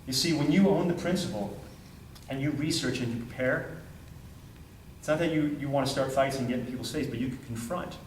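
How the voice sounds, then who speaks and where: Speaking fairly quickly in a mid-range voice, a man delivers an animated story during a training talk to a group. He acts out dialogue and repeats phrases for emphasis, heard from afar in a roomy setting with faint ambience and slight background noise.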